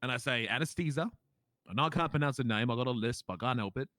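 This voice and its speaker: A man's voice: mid-range voice, very fast, pushed and bright, dry recording. A man with an Australian accent playing a police officer in a role-play game, telling his story in an indignant, emphatic way.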